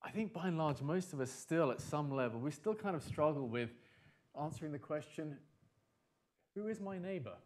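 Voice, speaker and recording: A man giving a conference talk, animated and emphatic, repeating his key phrases for effect. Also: fairly high pitch, a little fast. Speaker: conference speaker.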